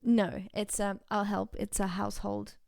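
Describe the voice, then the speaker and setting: A woman's voice: medium pitch, level tone, a little slow, gravelly, a little mellow, no echo, clean studio sound. A young woman from Hungary, co-hosting a casual podcast chat and quizzing her friend with trivia. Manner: giggly, quizzing with trivia questions. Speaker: podcast co-host.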